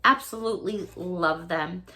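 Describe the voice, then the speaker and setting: A woman's voice: fairly low pitch, a little slow, sharp tone. A middle-aged woman chatting casually to camera as a YouTuber opening fan mail, effusive and full of thanks and exclamations.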